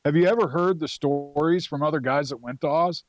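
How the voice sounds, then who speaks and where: A man's voice: on the high side, fairly quick, no room sound. A man around forty from North Carolina, a Marine veteran guest telling stories in a loose, profane way with lots of fillers. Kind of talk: casual storytelling.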